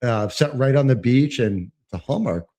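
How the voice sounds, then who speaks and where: A man's voice: medium pitch, lively intonation, normal speed, warm tone. A man co-hosting a podcast in casual chat, telling stories in a rambling way with lots of fillers and frequent laughter. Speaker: podcast co-host.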